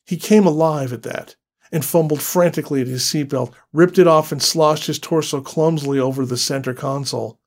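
A man giving a scripted horror story narration in a slow, deliberate, dramatic way. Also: a little high, steady tone.

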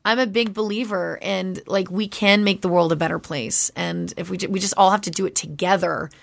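A woman voice actress chatting casually as a podcast guest, animated and full of fillers. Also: lowish voice, a little fast, gravelly, no echo. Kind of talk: casual interview chat.

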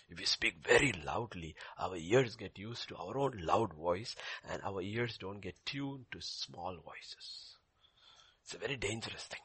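Gravelly, animated older male preacher. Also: fairly low pitch, moderate pace, no room sound. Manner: animated, swings between loud emphasis and soft near-whispers; repeats key phrases for emphasis. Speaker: pastor. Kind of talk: sermon.

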